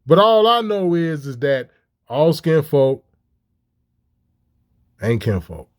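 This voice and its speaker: High-voiced man, angry profane commentator, mocking questions. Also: very animated, slow pace. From Chicago. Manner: heated, mocking, rhetorical questions. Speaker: commentator reacting to clips.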